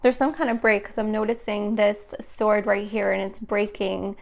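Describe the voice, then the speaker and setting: A woman's voice: medium pitch, flat delivery, moderate pace, gravelly. A woman giving an unscripted tarot reading, meandering and reassuring, often checking in with the listener. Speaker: tarot reader.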